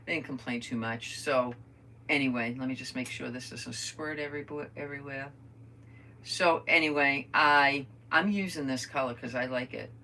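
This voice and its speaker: A bright-voiced older woman chats away to her viewers as she crafts at home. She rambles from story to story and talks to them like old friends. A faint hiss sits behind her voice. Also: very deep voice, normal speed. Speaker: crafter vlogger. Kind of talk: casual crafting chat to viewers.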